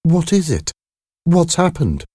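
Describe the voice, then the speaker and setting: A man doing an anxious middle-aged mother in a read-aloud story, pitched well above a low male voice and straining upward. Her lines come out high, tight and pleading, quick to alarm. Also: big pitch swings, a little mellow, no room sound, clean studio sound. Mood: frightened.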